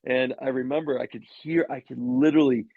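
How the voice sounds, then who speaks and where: A man's voice: medium pitch, steady tone, fairly quick, vocal fry, no echo, phone-quality sound. A middle-aged man, a former pro quarterback, telling rambling anecdotes in a casual interview with many restarts and fillers.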